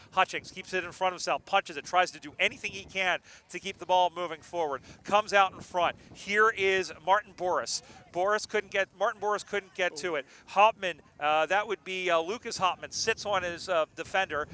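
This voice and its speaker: A man calling an amateur football game live, joking between plays and getting excited on big moments. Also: high voice, slight background noise. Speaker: play-by-play commentator. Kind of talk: live sports commentary.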